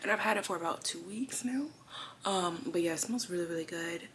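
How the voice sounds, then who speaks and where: A woman's voice: fairly low pitch, a little fast, crowd noise. Bubbly young woman vlogging in an echoey room. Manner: bubbly, excitable, chatty, lots of "like" and "y'all". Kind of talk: casual vlog talk to camera. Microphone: handheld vlog camera. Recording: echoey room with background noise.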